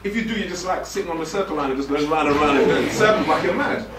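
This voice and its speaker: Animated man in his forties. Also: on the high side, very fast, recorded from a distance, noisy background. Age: 40s. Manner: joking, direct and playful, puts on slangy voices. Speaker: motivational speaker. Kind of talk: lively motivational talk to a youth audience. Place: event hall with a live audience. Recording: echoey hall, speaker away from the mic.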